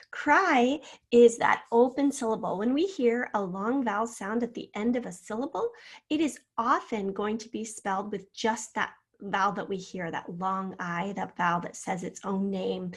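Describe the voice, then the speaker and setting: Woman teacher spelling words out slowly. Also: mid-range voice. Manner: slow, clear syllable-by-syllable spelling out. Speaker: fifth-grade teacher. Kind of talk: recorded spelling lesson.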